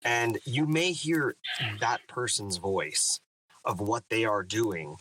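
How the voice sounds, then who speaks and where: A man's voice: lowish voice, slow pace, bright, forceful tone, far from the mic, low-quality recording. A man who narrates audiobooks, talking thoughtfully and with animation in an interview. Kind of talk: reflective interview talk.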